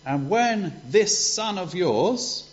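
A man voicing a resentful, sulky older son who complains slowly and at a raised pitch, on a dull lo-fi recording. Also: animated, exaggerated voice.

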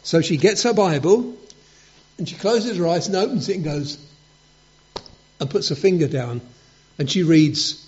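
A man's voice: on the high side, normal speed, pauses often, darkish tone, a little hiss or hum. A man preaching a sermon, telling stories and acting out little quotes in a conversational way. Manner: storytelling with acted quotes, conversational. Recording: dull lo-fi recording.

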